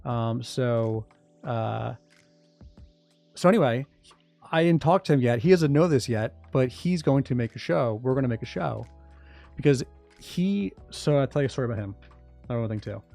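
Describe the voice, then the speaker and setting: A man talking casually on a livestream about his crypto project, rambling, restarting sentences and getting excited. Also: medium pitch, moderate pace, gravelly, pauses often, faint music behind. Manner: rambling, self-interrupting, excitable. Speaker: crypto project founder and streamer.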